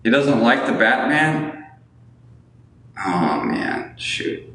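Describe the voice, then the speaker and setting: Extremely slow yet very animated, this medium-pitched, slightly bright man chats loosely on a livestream from an echoey room with faint background noise. He rambles while answering viewers and asking them for money, often ending with "you know what I'm saying".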